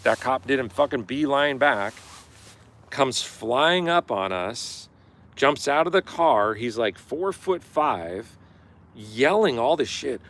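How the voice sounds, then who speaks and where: A man's voice: medium pitch, slow. A middle-aged man telling a story in a casual, profane live-stream rant. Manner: profane, animated, acts out yelling quotes.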